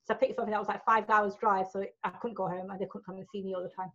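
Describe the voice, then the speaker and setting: A woman's voice: medium pitch, little pitch movement, very fast, a bit bright, dull audio. A woman telling personal stories as a podcast guest, frank and sweary, tagging lines with right and you know. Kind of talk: candid storytelling in a podcast chat.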